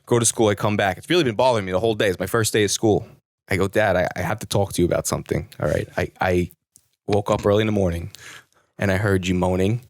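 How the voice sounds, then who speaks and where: A man's voice: fairly low pitch, fairly even intonation, fast, dry recording, clean studio sound. A man in casual chat, telling a crude, rambling story with many restarts.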